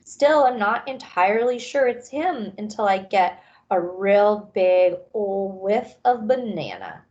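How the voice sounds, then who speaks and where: Expressive woman reading aloud. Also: slow, muffled recording. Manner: expressive, raising pitch for characters' lines. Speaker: reader. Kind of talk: audiobook-style read-aloud.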